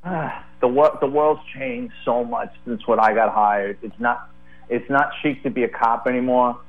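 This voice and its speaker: A man's voice: medium pitch, faint music behind. A middle-aged man, a retired police detective, telling stories as a guest on a call-in show. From the Bronx, New York. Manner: animated, quick to tell a funny story. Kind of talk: casual storytelling. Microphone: phone call. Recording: tinny phone line.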